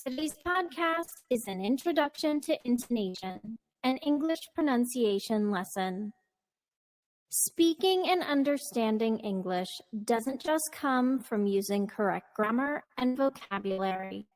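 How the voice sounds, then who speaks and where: A woman hosting a scripted podcast lesson, speaking slowly and carefully. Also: fairly high pitch, lively intonation, low-quality recording. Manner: slow, careful delivery. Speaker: podcast host teaching intonation.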